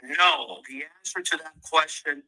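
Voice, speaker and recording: A courteous man joining a live stream as an interview guest. His voice is bright and sharp, pitched a little above the usual. He answers in a calm, polite way. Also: a little slow, low-quality recording. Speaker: guest, boxing organization president.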